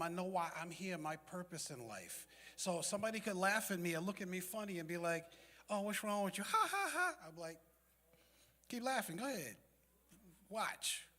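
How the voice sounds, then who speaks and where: A man's voice: fairly high pitch, fairly bright tone. Streetwise man telling a story in a hall. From South Bronx, New York. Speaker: community meeting speaker. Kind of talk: personal testimony to a group.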